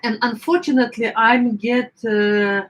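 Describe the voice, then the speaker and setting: A woman's voice: on the high side, steady tone, unhurried, low-quality recording. A middle-aged woman with an Eastern European accent talks through a home recipe in a loose, chatty way. She often stops to hunt for a word, filling gaps with ums before carrying on. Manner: chatty, searching for words, many fillers. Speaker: home cook. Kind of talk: casual cooking vlog chat.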